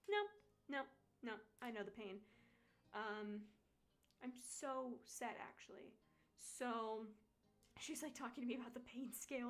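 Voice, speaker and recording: A young woman vlogger chatting casually about her tattoos, full of fillers and swearing. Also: on the high side. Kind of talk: casual chat.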